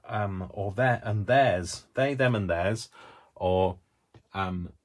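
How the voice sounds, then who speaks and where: A man's voice: on the low side, slow. A man hosting a crafting video, chatting in a rambling, self-deprecating way as he works. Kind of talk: casual chat while crafting.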